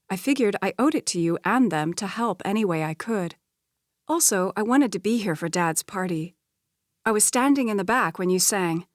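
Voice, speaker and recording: A woman's voice: on the low side, dry recording, studio quality, lightly acted. Woman voicing an earnest young twin sister.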